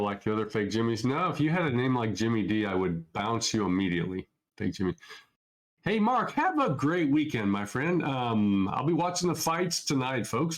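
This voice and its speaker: A man's voice: mid-range voice, poor audio. Middle-aged guy from minnesota running a live trading q&a, loose and chatty, voice bounces up and down a lot. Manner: loose, chatty, answers viewer questions off the cuff. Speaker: trading educator hosting a Q&A. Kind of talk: casual live Q&A chat.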